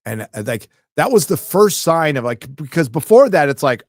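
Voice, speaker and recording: A man's voice: mid-range voice, sing-song, normal speed, a little mellow, breathy edge, no echo. Profane ranting man on a dry mic. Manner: profane, ranting, sarcastic asides. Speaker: livestream host reading viewer comments. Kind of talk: casual live-stream chat.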